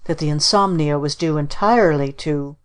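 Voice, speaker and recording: A woman's voice: low voice, moderate pace, clean tone, natural voice. A woman reading the part of a fretful mother who confides her worries about her boy in an audiobook.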